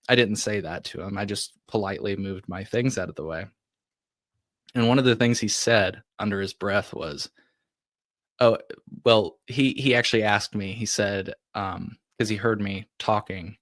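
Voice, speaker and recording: A male podcast host tells a personal story casually and ramblingly, leaning heavily on "like" and frequently restarting. His voice is on the low side at normal speed, a bit bright, with no room sound.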